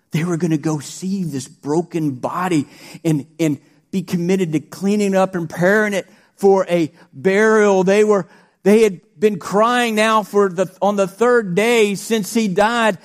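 A man preaching a sermon, animated, swinging between shouted praise and quiet asides. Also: sits high, slow pace.

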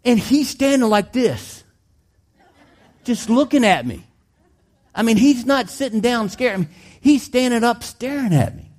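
A pastor telling a personal story in his sermon, animated and conversational, his voice climbing high when the story gets exciting. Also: a little slow, pauses often. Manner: plain, conversational preaching with restarts.

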